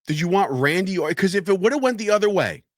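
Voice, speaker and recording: A man's voice: high-pitched, animated, quick pace, no echo, studio quality. A man in his thirties co-hosting a casual wrestling podcast, swearing freely and acting out quotes. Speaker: podcast co-host. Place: podcast studio.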